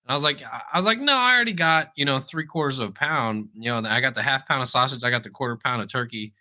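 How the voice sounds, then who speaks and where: In casual podcast chat, a male co-host shares stories with lots of animation, laughter, and unrestrained swearing. His pitch is medium and he talks fast.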